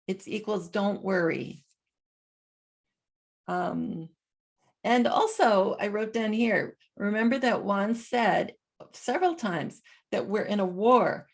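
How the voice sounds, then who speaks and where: A woman vlogging in a casual monologue, reading from her notes and spelling out numbers slowly and deliberately. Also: mid-range voice, vocal fry.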